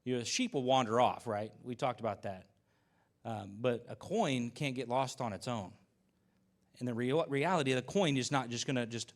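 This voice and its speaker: A man preaching a sermon in a loose, chatty way, with his voice at an everyday middle pitch. He drifts into stories and asides and leans on fillers, and the talk sounds unscripted and easygoing. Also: moderate pace. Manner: relaxed storytelling with fillers and asides. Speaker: pastor. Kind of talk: conversational sermon.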